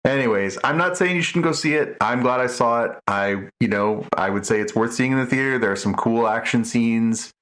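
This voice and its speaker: A man's voice: medium pitch, brisk, few pauses, a bit bright. A middle-aged man co-hosting a podcast in casual chat, rambling with many restarts and fillers. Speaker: podcast co-host.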